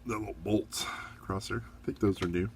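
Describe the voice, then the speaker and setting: Deep-voiced middle-aged man, chatty hobby review. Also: a little fast, slight background noise. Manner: relaxed, chatty, rambling with fillers; upbeat, encouraging. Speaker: model kit reviewer.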